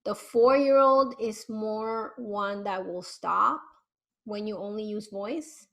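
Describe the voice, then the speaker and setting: Woman therapist on a video call, mid pitch, voice swoops up and settles down on purpose. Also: takes it slowly, vocal fry, poor audio. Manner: animated, swings her voice from high to low on purpose. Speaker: parenting therapist. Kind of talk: coaching talk on a video call.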